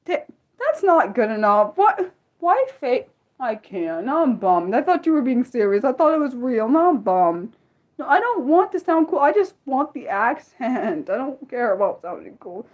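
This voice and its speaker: A woman hosting a casual unscripted livestream, rambling excitably with lots of quick questions and restarts. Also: a little high. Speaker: livestream host.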